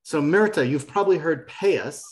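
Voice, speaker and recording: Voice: medium pitch, expressive, normal speed. Patient online Hebrew teacher. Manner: patient, encouraging corrections. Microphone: video call.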